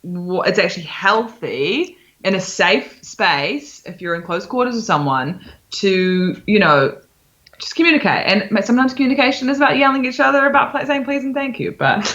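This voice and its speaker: A woman co-hosting a podcast in casual chat, animated and teasing, picking apart how things were said. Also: mid-range voice, normal speed, lo-fi sound. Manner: animated, teasing, breaks into laughter, picks apart wording. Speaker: podcast co-host.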